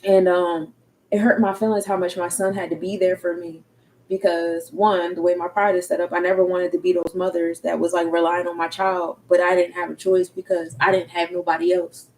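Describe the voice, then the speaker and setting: A woman's voice: on the low side, level tone, fairly quick, a little mellow, a little hiss or hum, poor audio. A woman in her thirties with a Philadelphia accent, talking candidly and casually in slang, cursing freely as a tarot reader and energy coach. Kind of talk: casual livestream talk.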